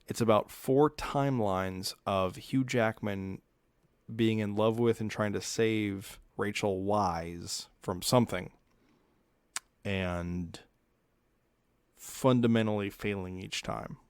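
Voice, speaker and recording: A man's voice: lowish voice, creaky, clean tone, no echo. A man co-hosting a podcast in casual chat, offhand and thinking aloud as he goes. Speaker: podcast co-host.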